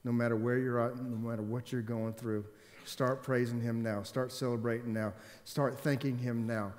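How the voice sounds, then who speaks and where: A man's voice: medium pitch, little pitch movement, moderate pace, a little mellow. A man preaching a sermon and telling a story to make his point, in an earnest, emphatic way. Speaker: pastor. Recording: long hall reverb.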